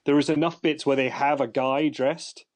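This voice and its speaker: Speaking at a normal speed with fairly even intonation, a man hosts a podcast in a medium-pitched voice over slight background noise. He keeps things casual, rambling with fillers and false starts.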